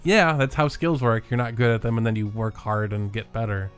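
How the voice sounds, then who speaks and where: A man's voice: on the low side, a little fast, faint music behind. A man in an improvised comedy bit, talking earnestly and patiently reasoning with his partner. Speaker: comedy sketch performer.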